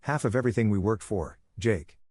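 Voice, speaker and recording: Weary, quiet wife, read by a man. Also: fairly low pitch, expressive, fairly quick, slightly rough, no echo. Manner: quiet, restrained. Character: weary wife ending her marriage, grown woman. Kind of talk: scripted story reading.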